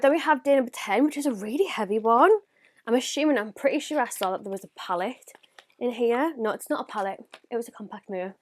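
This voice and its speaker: A young woman unboxing makeup in a casual vlog, gushing and excitable, now and then dropping to a whisper or gasping. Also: medium pitch, no echo, studio quality. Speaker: beauty vlogger.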